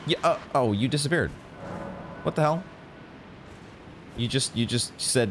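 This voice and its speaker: A man giving excitable, swear-laden commentary while playing a video game. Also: medium pitch, measured pace, long pauses, slight background noise. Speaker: gaming channel host. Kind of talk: live gameplay commentary.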